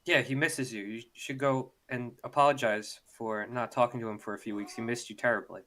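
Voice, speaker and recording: A man playing a tabletop game, answering in an earnest, quick way. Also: medium pitch, steady tone, a bit bright, slight background noise. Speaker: player.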